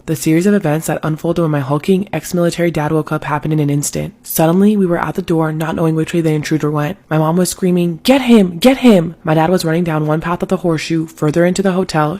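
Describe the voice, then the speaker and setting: A young man in his twenties narrating a tense first-person story in a fast, steady read. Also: on the high side. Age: 20s.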